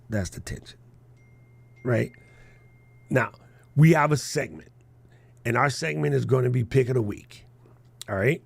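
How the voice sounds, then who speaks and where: Gravelly-voiced male podcast coach. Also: mid-range voice, no echo. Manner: animated, joking, laughs often. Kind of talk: live workshop chat.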